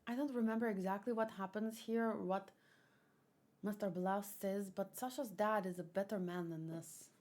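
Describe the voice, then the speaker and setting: A woman casually reading a manga aloud and commenting in soft, murmured asides. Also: medium pitch, fairly even intonation, moderate pace. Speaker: manga reader. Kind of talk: casual read-along commentary.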